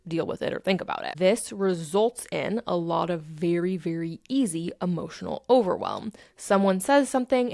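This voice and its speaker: A woman's voice: fairly low pitch, no room sound, clean studio sound. A woman hosting a podcast, talking in a blunt, emphatic, casual motivational monologue and swearing freely. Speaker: podcast host.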